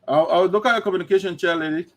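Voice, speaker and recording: Male host, slightly high voice, preachy livestream commentary. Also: racing, a bit bright. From Liberia. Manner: emphatic, lecturing, preachy. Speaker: host of an online talk show.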